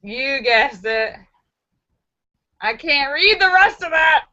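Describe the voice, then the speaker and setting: A woman's voice: sits high, lively intonation, slow, pushed and bright, no room sound. A woman hosting a live stream, reading viewers' jokes aloud with theatrical flair, chatty asides and frequent laughter, on a dull, lo-fi computer microphone. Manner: theatrical, jumps into voices and shrieks for punchlines. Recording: dull lo-fi dry sound.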